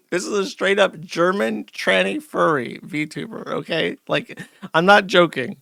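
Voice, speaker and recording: A man's voice: high-pitched, measured pace, vocal fry, pushed and bright, no echo, studio quality. A male host giving a rambling, sarcastic livestream commentary with frequent restarts.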